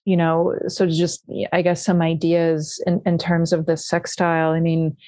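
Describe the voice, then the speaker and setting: A woman with a lowish, mellow voice, reflecting slowly on mythic images in a casual conversation. She talks in a halting way, restarting her sentences as she gathers her thoughts. The recording is close and dry. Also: monotone, no room sound. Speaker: astrology podcast co-host.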